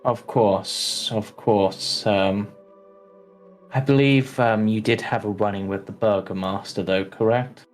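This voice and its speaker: A man's voice: on the low side, fairly even intonation, takes it slowly, soft background music. A man voicing a cautious, polite village priest in a tabletop role-play, speaking hesitantly with many ums and restarts. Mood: earnest. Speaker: game master.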